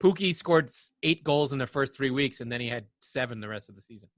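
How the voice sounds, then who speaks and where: A man's voice: medium pitch, expressive, quick pace. A man from France co-hosting a podcast, chatting casually with a teasing, sarcastic sense of humor. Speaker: podcast co-host. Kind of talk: casual chat.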